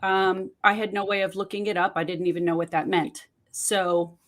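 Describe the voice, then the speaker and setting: A woman's voice: medium pitch, fairly even intonation, moderate pace. A middle-aged woman, telling a personal story in an interview and often restarting her sentences with fillers. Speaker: guest, autism parent and podcaster. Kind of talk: conversational interview.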